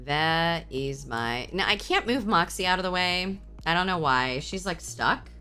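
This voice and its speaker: A woman streamer in casual live-stream chat, swearing freely and answering her chat aloud with excitable reactions. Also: lowish voice, measured pace, clean tone, faint music behind.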